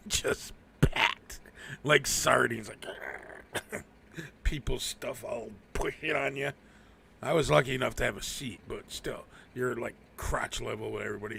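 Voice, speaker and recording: A man's voice: mid-range voice, gravelly, sharp tone, a little hiss or hum. A man hosting a live stream, rambling through a casual, profane rant and laughing often. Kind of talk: casual ranting monologue.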